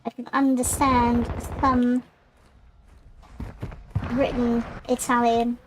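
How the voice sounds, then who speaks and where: A woman with a fairly high voice chats on a live game stream, wandering between thoughts and interrupting herself. Loud game gunfire and clicks run underneath her talk. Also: level tone, slow, background noise. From United Kingdom. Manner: rambling, self-interrupting, chatty. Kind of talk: casual chat while gaming.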